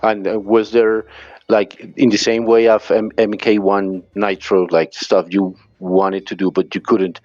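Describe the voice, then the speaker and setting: A man's voice: fairly low pitch, flat delivery, unhurried, darkish tone, dry recording. A man hosting a casual podcast chat, asking questions hesitantly with fillers. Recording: dull lo-fi line.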